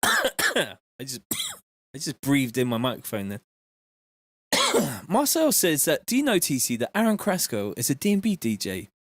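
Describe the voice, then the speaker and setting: A man chatting casually on a live stream, reading out viewer messages in a relaxed, slangy way from his home studio. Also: medium pitch, moderate pace, pauses often, dry recording. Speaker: music producer streaming live.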